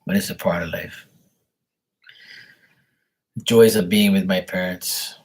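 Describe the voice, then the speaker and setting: A man's voice: low voice, steady tone, a little slow, breathy edge. A man chatting casually on a live tarot stream, rambling and exasperated, swearing freely. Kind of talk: casual livestream chat.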